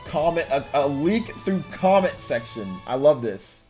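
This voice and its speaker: Here the host's voice is on the high side, very animated yet a little mellow, and he keeps a measured pace. He runs a casual livestream, reading viewer comments, replying to them directly, and laughing often amid faint game music.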